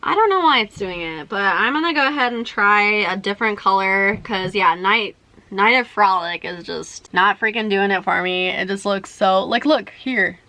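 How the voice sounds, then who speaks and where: Young woman, makeup vlog chatter, bright tone, dry close sound, rambling and exasperated. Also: medium pitch, moderate pace, dry recording. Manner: rambling, exasperated, says "freaking" and "like" a lot. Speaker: beauty vlogger. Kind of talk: chatty makeup tutorial storytelling.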